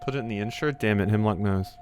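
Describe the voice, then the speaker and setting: A man's voice: lowish voice, fast, noisy background. Rambling, swearing young male streamer. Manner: rambling, jokey, swears, reads game text aloud. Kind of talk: casual live-stream chat while gaming.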